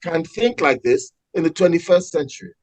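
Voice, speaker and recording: A man talking passionately in a casual political discussion, with many halting restarts. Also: on the high side, expressive, a little mellow, no echo, poor audio. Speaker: podcast co-host.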